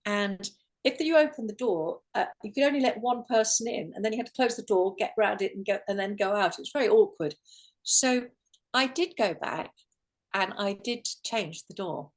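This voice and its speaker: A woman's voice: medium pitch, normal speed. A woman, a guest in an interview, telling a personal story earnestly with many restarts and fillers. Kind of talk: emotional storytelling.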